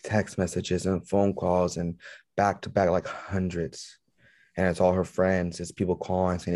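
Brief: man, low voice, dry close sound, blunt cursing storyteller, halting. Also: monotone, darkish tone, no echo. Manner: profane, rambling, halting retelling. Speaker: guest. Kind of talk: casual storytelling.

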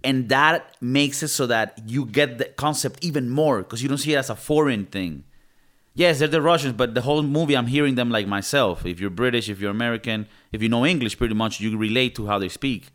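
A man's voice: mid-range voice, a little fast, fairly bright tone. Laid-back man chatting about movies. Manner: casual, swears freely, restarts. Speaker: podcast co-host. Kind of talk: casual movie review chat.

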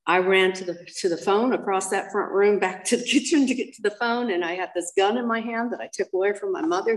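Older american lady, low gravelly voice, blunt story about her past, lots of ums. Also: poor audio. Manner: blunt, frank, acts out quoted voices, frequent ums. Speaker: guest telling her life story. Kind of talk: candid personal storytelling.

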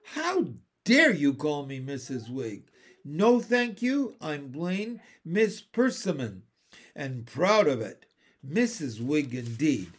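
A man reading aloud and voicing a touchy spinster housekeeper in a high, thin, indignant voice. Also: big pitch swings, slow, few pauses, darkish tone, husky, full character voice. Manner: outraged and indignant.

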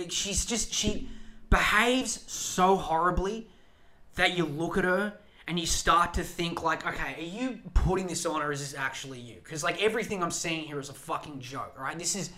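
A young man on a podcast, rambling animatedly with frequent swearing and self-interruptions. His delivery is loose and chatty, jumping between loud outbursts and mutters. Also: a little high. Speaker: podcast host. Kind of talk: casual ranting chat.

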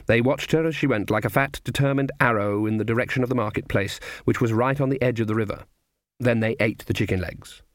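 A man narrating an audiobook in measured storytelling. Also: medium pitch, no echo, clean studio sound. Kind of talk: scripted narration.

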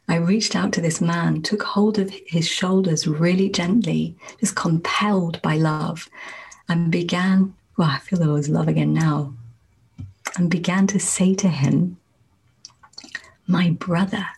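Woman, minister's testimony; very husky and breathy, unhurried, low-ish, halting, near-whispered. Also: rough recording. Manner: soft, halting, often slips into a near whisper. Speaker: Christian minister sharing a testimony. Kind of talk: slow, reflective spoken testimony.

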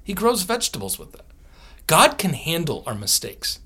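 A male theologian talks on a podcast with a bright, slightly husky voice. His pitch swings widely as he tells stories, and he acts out the people in them and laughs often. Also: wildly swooping pitch, normal speed. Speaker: guest author and theologian. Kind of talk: podcast interview, storytelling answers.

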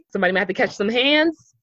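A man co-hosting a podcast in casual conversation, chatty and quick to laugh, swearing casually. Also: high voice, bright, forceful tone, dry recording. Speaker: podcast co-host. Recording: dull, slightly lo-fi, dry.

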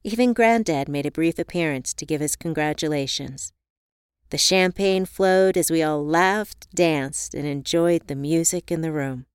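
A woman narrates a first-person audiobook in a calm, even way. Her voice is smooth and fairly low, and the recording is dry and close with no room sound. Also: measured pace, dry recording.

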